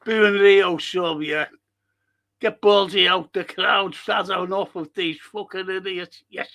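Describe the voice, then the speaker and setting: A man with a Liverpool accent, streaming live as he watches a football match, reading out viewer comments and swearing at the players in bursts of excitement. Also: high-pitched, unhurried, creaky.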